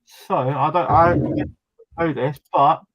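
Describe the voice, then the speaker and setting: Casting note: male host, slightly high voice, chatty, laughs easily. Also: steady tone, slow, highs cut off. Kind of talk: casual chat.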